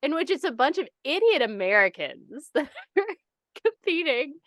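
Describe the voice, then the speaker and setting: A young adult woman co-hosting a podcast in casual chat, animated and swearing, acting out people's reactions. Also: high-pitched, normal speed, no room sound, studio quality. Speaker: podcast co-host.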